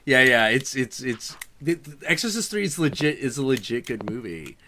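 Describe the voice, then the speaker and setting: Man in his thirties, lively pitch, bright tone, swearing storyteller, show host. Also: moderate pace, a little hiss or hum. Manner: animated, profane storyteller. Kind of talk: casual chat, storytelling.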